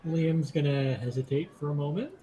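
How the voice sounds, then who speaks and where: Hesitant man with a mellow voice. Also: on the high side, steady tone, moderate pace, a little hiss or hum, rough recording. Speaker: player. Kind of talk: in-character role-play.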